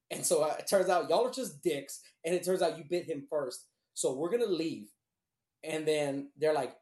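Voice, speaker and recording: A man's voice: on the high side, fairly quick, warm tone. A man telling a long personal story in a blunt, profane, rambling way. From Houston, Texas. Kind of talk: casual storytelling. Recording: echoey room.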